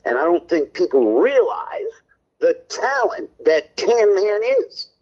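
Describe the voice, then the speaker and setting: A man's voice: high voice, sing-song, slow, a little mellow, muffled recording. A man co-hosting a call-in stream show, ranting on air in a brash, defensive and profane way. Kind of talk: heated on-air rant.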